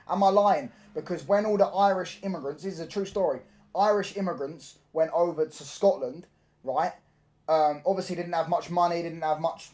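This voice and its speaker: A young man from hosts a casual football live stream. He talks in an animated, slangy way and keeps asking whether his chat gets what he means. His voice sits a little on the high side. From London. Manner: animated, slangy, repeats "do you get what I'm saying".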